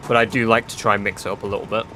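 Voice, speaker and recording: Bright-voiced streamer, laid-back. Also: male voice, lowish voice, very fast, slight background noise. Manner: relaxed, reads chat aloud, swears offhandedly. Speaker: game streamer. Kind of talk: casual livestream chat while gaming.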